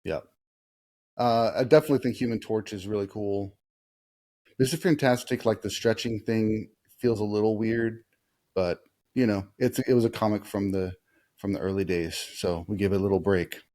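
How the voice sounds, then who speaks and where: Low mellow guy hosting a chill movie podcast, asking kids stuff, lots of uhs. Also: fairly even intonation. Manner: easygoing, asks kids questions, many "uh" pauses. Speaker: podcast host talking with kids. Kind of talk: casual movie chat.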